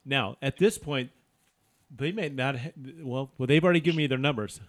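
A man's voice: medium pitch, brisk. A man hosting a casual word game with friends, reading out clues in a teasing, upbeat way. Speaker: game host.

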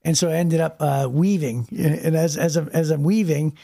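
A man's voice: on the high side, steady tone, moderate pace, gravelly, mellow. A man from Ohio, a pastor, telling stories in a casual chat with lots of restarts and repeated words. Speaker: pastor and podcast co-host.

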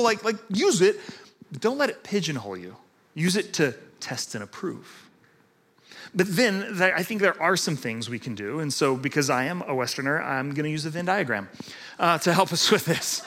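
Animated man preaching a casual sermon. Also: a little high. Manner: animated, conversational, acts out quoted voices. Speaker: pastor.

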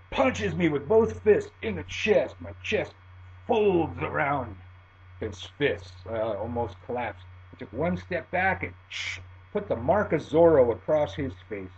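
A middle-aged man telling a profane personal story in an animated way, swinging between loud and muttered lines. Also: on the high side, breathy edge. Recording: dull lo-fi recording with faint hum.

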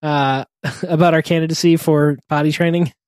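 A man and parent chatting casually, telling funny anecdotes in halting bursts, laughing often and breaking off mid-sentence. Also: a little high, steady tone, smooth, no echo, studio quality. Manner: chuckling, halting, self-interrupting anecdotes. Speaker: podcast co-host, parent. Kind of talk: casual chat, storytelling.

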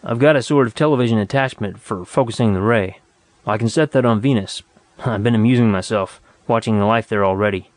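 A man's voice: lowish voice, fairly quick, no room sound, close to an everyday voice. A man voicing a lazy, sly young clerk in a storybook reading, talking in a casual, offhand drawl.

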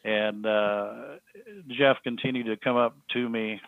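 A man, a podcast guest, telling a story in a halting, earnest way with many restarts. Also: medium pitch, steady tone, gravelly, no room sound. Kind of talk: storytelling in an interview. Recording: thin phone-like line, dry.

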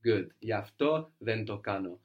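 A man's voice: on the low side, animated, moderate pace, dull audio. A man teaching a one-on-one spoken language lesson, patiently explaining words and then quizzing his student.

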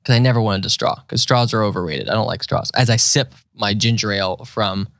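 A man's voice: lowish voice, fairly quick, creaky, dry recording, clean studio sound. A man in casual chat, telling a funny story and acting out the voices of the people in it. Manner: animated, acts out voices of others in his stories.

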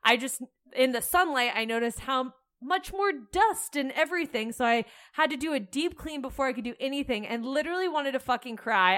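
Bright, smooth-voiced young woman chatting. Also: high-pitched. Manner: candid, animated storytelling with frequent swearing. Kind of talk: casual chat.

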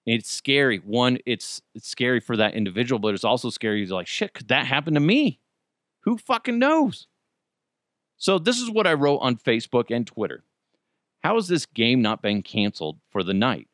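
A man hosting a solo commentary show, ranting with heavy swearing and swinging between loud outbursts and low muttered asides. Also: big pitch swings, a little fast, dry recording, clean studio sound. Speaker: show host.

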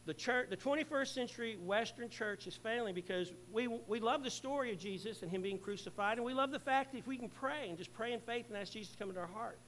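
High-voiced preaching pastor, loud and soft. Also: male voice, fast talker, few pauses, slight background noise, low-quality recording. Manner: earnest preaching, swelling loud then dropping soft. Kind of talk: sermon.

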